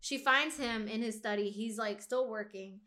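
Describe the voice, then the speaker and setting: Bright, animated woman in casual chat. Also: a little high, normal speed. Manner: animated, swearing, acts out characters' lines in quotes. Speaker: podcast co-host discussing a book.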